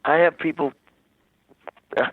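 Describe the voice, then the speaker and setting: A man, a rock singer as interview guest, telling stories in a rambling, animated way with many restarts, over the phone. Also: unhurried, no echo. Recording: tinny dry phone line.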